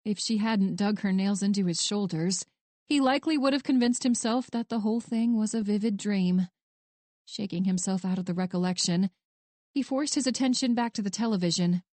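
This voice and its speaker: A woman narrating a romance audiobook in an even, measured storytelling voice. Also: medium pitch, no room sound.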